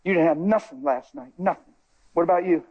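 A male preacher telling a story in a sermon, excitable, jumping between loud high bursts and low quiet asides. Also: a little fast, slightly rough, dull audio. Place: church.

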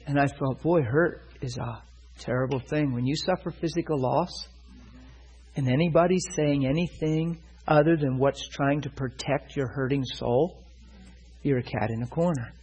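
A man delivers a sermon through a personal story, voicing both himself and the other man in the quoted talk. His voice is very husky and breathy, and he keeps checking that his listeners are following him. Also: medium pitch, moderate pace, darkish tone, poor audio. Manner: retells a personal story, quoting both sides; asks listeners if they follow. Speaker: preacher.

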